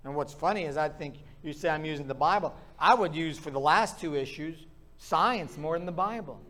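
Male pastor, fiery sermon delivery, high-pitched voice, rants from the pulpit. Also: moderate pace, a bit bright. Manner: impassioned, ranting, pounding the pulpit.

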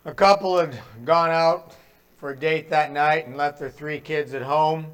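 A man preaches a sermon from the pulpit in a high, clear, resonant voice. He tells stories with sudden drops from loud to hushed. A faint mains hum sits under the recording. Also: fairly even intonation, unhurried, poor audio. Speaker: pastor.

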